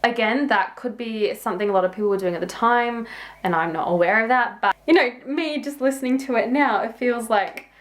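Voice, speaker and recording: A woman's voice: a little high, brisk. A young woman chatting casually as she reacts to a song, full of "like" and "um", giggling often. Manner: chatty, lots of "like" and "um" fillers, giggly. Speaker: music reaction vlogger. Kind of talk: casual music reaction commentary. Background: song playing faintly underneath.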